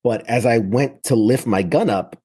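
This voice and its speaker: A man's voice: mid-range voice, moderate pace, dark tone, slightly rough. A man in his thirties from New York City, a military veteran telling his story in casual talk, full of vivid detail and frequent restarts.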